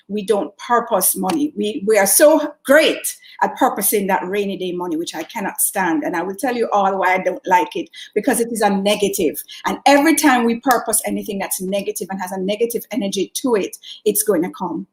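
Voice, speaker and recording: A woman's voice: mid-range voice, roomy sound. Earnest Jamaican woman in her fifties. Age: 50s. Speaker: guest, holistic coach. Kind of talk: casual chat.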